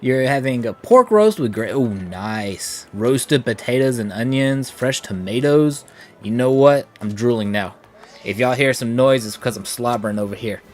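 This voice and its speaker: A man's voice: mid-range voice, expressive, moderate pace, darkish tone, faint music behind. A man hosting a casual gaming livestream, chatting with viewers and reading chat aloud. He sounds a little short of breath from allergies. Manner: chatty, reads chat aloud, playful asides. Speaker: gaming streamer.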